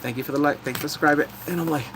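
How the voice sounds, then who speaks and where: A man's voice: a little high, fairly even intonation, very fast, a bit bright, slight background noise, poor audio. A man live-streaming a casual drama recap, chatting loosely, thanking viewers as he goes and breaking into big squealing reactions.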